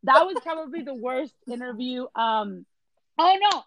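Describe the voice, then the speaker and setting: A woman telling an animated story in a casual chat, switching between English and Spanish. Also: high-pitched, a little slow, no echo, low-quality recording. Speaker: entertainment journalist guest.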